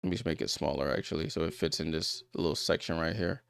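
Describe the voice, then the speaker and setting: Man, live watchalong host, smooth clear voice, dry close sound, casual play calls. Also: extremely low pitch, fast talker, no echo. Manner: chatty, talks straight to viewers, gets louder on big plays. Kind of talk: casual live game commentary.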